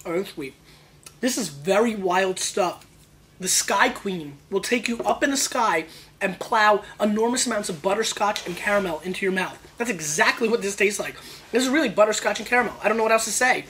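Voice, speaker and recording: An excitable man hosts a casual wine tasting. He talks in loose, slangy riffs and playfully jumps from one flavor to the next. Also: high voice, fairly quick, a little hiss or hum. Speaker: wine show host.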